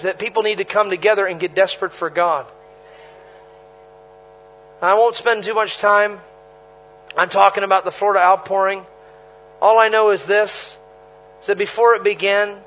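A traveling preacher man with a very high, bright, sharp voice, telling revival stories with punchy repetition and quick laughs. The recording is dull and lo-fi. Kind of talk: sermon.

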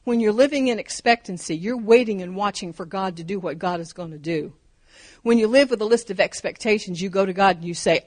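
A woman's voice: mid-range voice, animated, fairly quick. A woman in her fifties or older preaching a sermon, fervent and emphatic, driving her points home with repeated phrases.

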